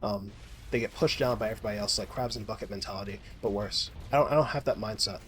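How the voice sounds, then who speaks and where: A man with a lowish, fairly bright voice talks at a quick pace over a faint hiss or hum. He's an American gaming vlogger whose casual monologue while playing rambles on, heavy with profanity and fillers, and full of restarts.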